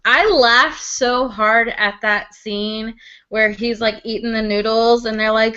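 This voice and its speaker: A high-pitched young woman chats casually about a drama she is watching. She gushes, laughs easily and slips into the characters' voices as she retells scenes. The recording sounds a little dull and lo-fi. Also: fairly even intonation, bright, forceful tone, clear, resonant tone. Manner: gushing, quick to laugh, acts out characters' lines. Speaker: drama reviewer. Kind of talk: casual chat.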